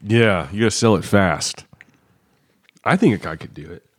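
A man's voice: lowish voice, animated, normal speed. A man in casual comedic chat, joking and laughing often as he acts out silly scenarios.

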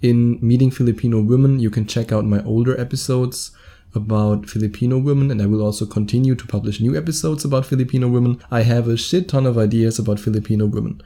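A man with a German accent talks through his podcast alone, in his thirties. His voice is very dark and mellow, at a middle pitch. He keeps it chatty and chuckles at his own mistakes. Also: steady tone, fast talker. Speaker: podcast host. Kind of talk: solo podcast monologue.

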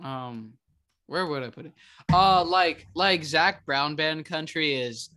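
A man's voice: a little high, slow, pushed and bright, no room sound. A young man co-hosting a casual podcast, goofy and laughing through his lines. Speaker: podcast co-host. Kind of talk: casual chat with a joking sung freestyle.

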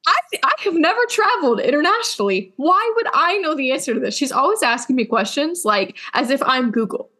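A woman's voice: high voice, sing-song, a little fast, few pauses, bright, forceful tone. A young woman co-hosting a podcast, chatting casually with a sarcastic, teasing manner. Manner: chatty, sarcastic, mocks family in quoted voices. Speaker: podcast co-host. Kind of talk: casual chat.

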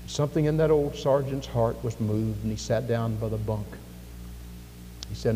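A man preaching a sermon in a church, emphatic, with dramatic pauses and big swings in volume. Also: mid-range voice, steady tone, dark tone. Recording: echoey hall with faint music.

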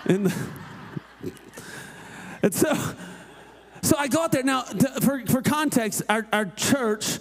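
A man, preaching a sermon through a personal story, dropping to quiet asides and rising to shouted emphasis. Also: very high voice, slow pace, pauses often. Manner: animated, swings from hushed asides to shouted emphasis. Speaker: pastor.

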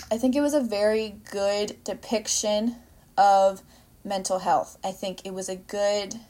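A young woman talks through a movie on her solo podcast in a loose, rambling way. She fills her speech with "like" and "you know," corrects herself mid-sentence, and briefly slips into the voices of the people she quotes. Her pitch sits in the ordinary middle range. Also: warm tone. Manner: chatty and rambling, frequent fillers and self-corrections, acts out quotes. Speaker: podcast host. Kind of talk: casual solo podcast chat about a movie.

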